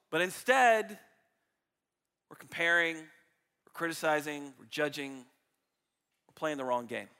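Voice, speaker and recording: A man preaching a sermon to his church, animated and jokey, acting out his illustrations for the congregation. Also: sits high. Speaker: pastor. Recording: reverberant hall.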